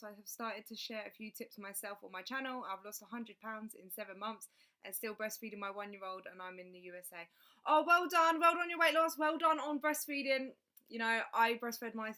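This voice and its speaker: A woman's voice: medium pitch, fairly even intonation, a little fast, pushed and bright. A woman chatting casually on a livestream, reading out viewer comments and laughing often. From England. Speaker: livestream host.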